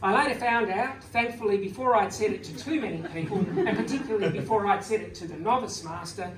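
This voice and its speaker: A man's voice: sits high, a little fast. Wry storytelling man in an echoey hall. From Australia. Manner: wry, storytelling, gently humorous. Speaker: author at a book launch. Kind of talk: public speech with anecdotes. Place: event venue, indoors. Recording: echoey room from far off, faint noise.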